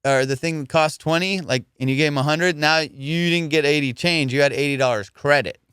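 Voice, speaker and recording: A man's voice: fairly high pitch, a little fast, fairly bright tone, clear, resonant tone, no room sound, clean studio sound. A man hosting a comedy podcast, swearing freely and telling stories in casual, teasing chat. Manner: profane, storytelling, teasing. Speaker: podcast host.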